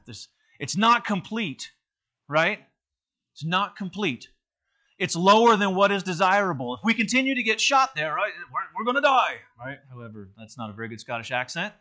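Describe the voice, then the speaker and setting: A man's voice: on the high side, pushed and bright. A man teaching an interactive church lesson in a conversational way, with many fillers and restarts.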